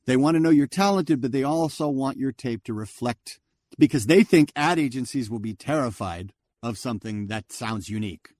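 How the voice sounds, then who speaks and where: Speaking at normal speed with a medium-pitched, slightly mellow voice, a fifty-something voice actor chats through stories as an interview guest, acting out the words of others. The audio has no echo.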